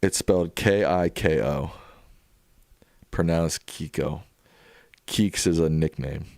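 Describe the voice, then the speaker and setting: Deep-voiced man chatting on a livestream. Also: slow, creaky, dry recording. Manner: relaxed and chatty, thinking aloud. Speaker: livestream host. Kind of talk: casual livestream chat answering viewers.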